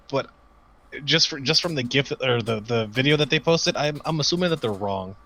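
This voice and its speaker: A man's voice: medium pitch, animated, normal speed, sharp tone. A man co-hosting a casual podcast chat, rambling, swearing freely and laughing often. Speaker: podcast co-host. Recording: dull lo-fi sound.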